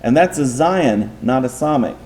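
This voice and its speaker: Man, Bible teacher, mid-pitched and warm-toned, patient lecture delivery with rhetorical questions. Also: animated, normal speed.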